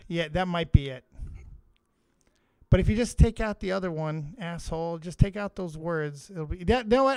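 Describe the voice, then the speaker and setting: A man's voice: high-pitched, expressive, normal speed, a little mellow, smooth, no echo, clean studio sound. A man hosting a livestream with casual, rowdy and profane banter. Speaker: livestream host.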